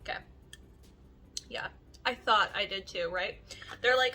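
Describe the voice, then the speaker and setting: A young woman beauty vlogger talking to camera in an animated, chatty way, leaning heavily on "like" as she tells stories. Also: mid-range voice, fairly quick, long pauses, slight background noise. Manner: animated, chatty, heavy use of "like". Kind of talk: casual storytelling chat to camera.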